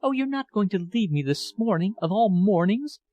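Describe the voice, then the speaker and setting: A man's voice: sits high, animated, normal speed, dark tone, dry recording, pitched above the performer's own voice. A man voicing a theatrical, affected governess of about forty, who gushes in an exaggerated French accent. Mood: gushing. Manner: gushing, lilting and emphatic.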